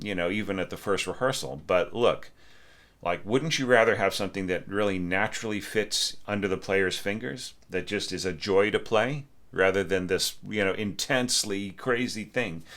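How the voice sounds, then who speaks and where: A man's voice: low-pitched, moderate pace, a bit bright. A man reviewing a student's orchestration score in a casual, conversational way, full of fillers and restarts. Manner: hums musical lines aloud. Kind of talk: casual spoken critique.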